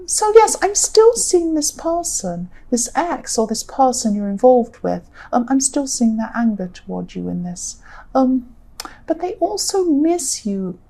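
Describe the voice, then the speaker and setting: A tired woman with a croaky voice, giving a rambling tarot reading and repeating herself often. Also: high-pitched, dark tone. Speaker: tarot reader.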